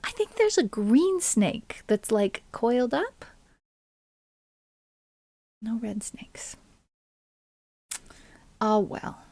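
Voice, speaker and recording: A woman music streamer chats playfully with her live viewers between songs, talking straight to them, with her own ukulele in the background. Her voice is on the high side, very animated but very slow with long pauses, dark in tone, and free of echo.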